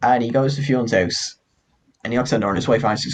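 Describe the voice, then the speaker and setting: A young man co-hosting a podcast, retelling myths in a casual, animated and profane way. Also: medium pitch, a little fast, slight background noise. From Ireland. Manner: animated, profane, laughing often. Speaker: podcast co-host. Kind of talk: casual storytelling chat.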